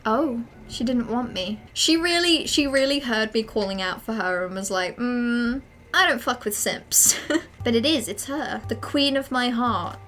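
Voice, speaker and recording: A young adult woman giving excitable, dramatic let's play commentary as a streamer, swearing often. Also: a little high, normal speed, a little hiss or hum.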